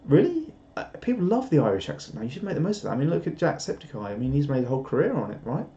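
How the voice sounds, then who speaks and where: A man's voice: on the high side, very animated, rapid-fire, few pauses, dark tone. A man chatting casually on a live stream, rambling and self-deprecating as he reads out viewer comments. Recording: dull lo-fi stream audio.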